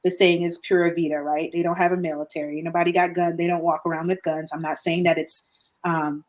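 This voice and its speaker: A woman's voice: lowish voice, level tone, fairly quick, darkish tone. A woman talking on a podcast in an earnest, explaining way, often restarting her sentences. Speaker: podcast guest or co-host. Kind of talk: conversational podcast talk.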